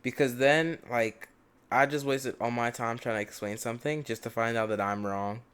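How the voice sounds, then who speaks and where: A young man co-hosting a casual chat, joking and cutting in with drawn-out pleas. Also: mid-range voice, steady tone, fairly bright tone, clean tone. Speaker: co-host.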